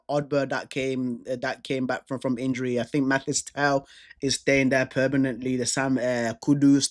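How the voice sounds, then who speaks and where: A young man co-hosting casual football talk, animated and repetitive, full of fillers. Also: fairly high pitch. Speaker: football video co-host.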